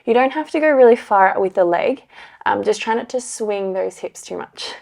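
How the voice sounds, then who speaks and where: A young woman with a medium-pitched, gravelly, darkish voice leads a pilates class at a moderate pace. She's expressive and slightly out of breath as she coaches and counts down the reps, staying upbeat with light laughs.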